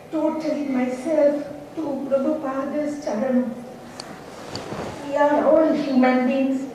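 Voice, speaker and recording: A woman sharing a hesitant, soft-spoken personal testimony as a participant at a retreat. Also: high voice, slight background noise. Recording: echoey hall, mic far off.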